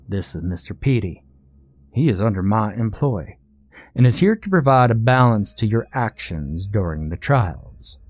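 A man plays a courtly, pompous servant of a dark king in a scary storybook reading, every word measured and formal. The voice is low and mellow, close and dry. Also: big pitch swings, no echo. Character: smooth, formal male servant of a sinister king.

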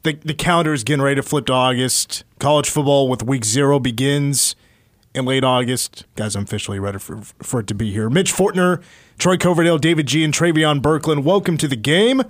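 A man hosting a sports radio show, talking casually in a hoarse voice. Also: mid-range voice, fairly quick, dry recording, clean studio sound. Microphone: studio mic.

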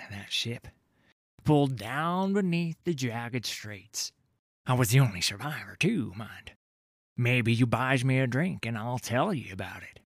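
An actor playing a grizzled, boastful old sailor telling a tale in a tavern, in rough dockside dialect that drops to whispers and rises to roars. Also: male voice, medium pitch, no room sound, studio quality, full character voice. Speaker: tavern storyteller. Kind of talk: dramatic audio story narration.

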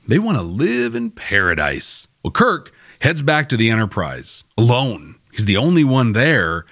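A young man hosting a casual, wry episode recap with animated asides. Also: medium pitch, measured pace, hardly any pauses. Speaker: host.

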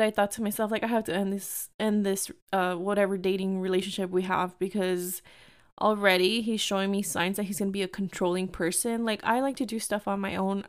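A young woman casually telling a dating story, chatty and full of "like", acting out quoted lines in a higher voice. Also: clean tone. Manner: chatty, fillers "like" constantly, acts out quotes in higher pitch. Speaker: storyteller sharing dating experiences.

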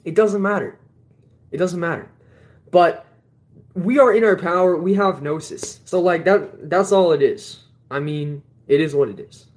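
Blunt, rambling man with a higher voice. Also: unhurried, darkish tone. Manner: rambling, repeats words, laughs often; blunt and dismissive. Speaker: spiritual livestream host. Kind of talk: casual livestream talk.

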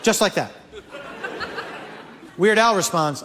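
A man, a comedian, telling a comic story in an animated way. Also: high-pitched, moderate pace, long pauses, in a large hall, a little hiss or hum. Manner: animated, building to mock-outraged shouts.

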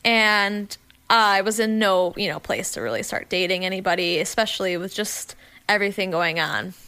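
A young woman in casual podcast chat, telling an animated story with lots of fillers. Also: mid-range voice, moderate pace, clear, resonant tone. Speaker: podcast guest.

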